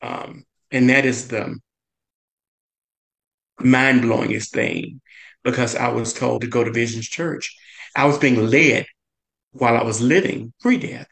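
Gravelly man telling a personal story. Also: fairly bright tone, rough recording. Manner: halting, many "and, uh" fillers; pitch leaps up when quoting others. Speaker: guest chef.

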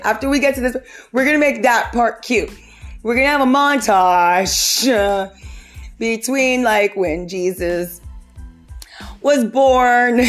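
A woman hosting a podcast, riffing in a casual comedic way, animated and jokey, often slipping into quick impressions. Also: on the high side. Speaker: podcast host.

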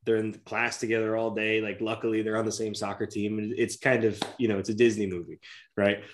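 A man in his thirties, a podcast co-host, telling a story in a relaxed, conversational way. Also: lowish voice, fairly quick. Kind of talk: casual chat.

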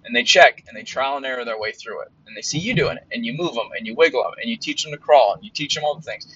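A man talks through his podcast in a loose, rambling monologue, blunt and full of fillers and the odd curse. His voice is bright and forward. The recording is a little dull and lo-fi. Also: mid-range voice, quick pace, few pauses, breathy edge. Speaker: podcast host. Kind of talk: casual monologue.

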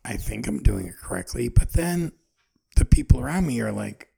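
Gravelly man in his forties musing. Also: on the low side, expressive, moderate pace, dark tone. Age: 40s. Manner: rambling, earnest, self-searching. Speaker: podcast host. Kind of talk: personal reflective monologue.

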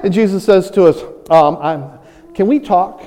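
A man preaching a sermon as pastor, animated and acting out the voices of people he quotes, chuckling often. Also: high voice, moderate pace, long reverb tail.

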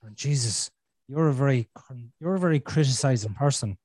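A man's voice: medium pitch, fairly quick, a little mellow, no echo. A man, hosting a casual podcast conversation, blunt and sweary, acting out his own inner voices. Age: 40s. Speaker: podcast host.

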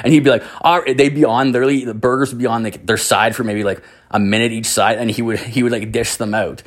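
A man's voice: medium pitch, steady tone, quick pace. A young man from Canada, telling a rambling, profane story in casual chat, full of filler words.

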